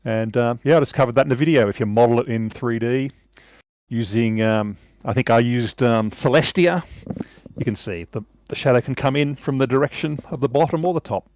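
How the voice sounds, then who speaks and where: A man's voice: medium pitch, fairly quick, darkish tone, no echo. A man chatting on a group call, explaining things in a dry, matter-of-fact way. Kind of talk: casual group call chat.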